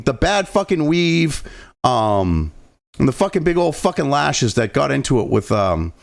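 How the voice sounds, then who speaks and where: A man's voice: on the high side, vocal fry. A man from New England ranting angrily about politics, swearing constantly and dripping with sarcasm. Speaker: political commentary host. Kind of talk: profane political rant.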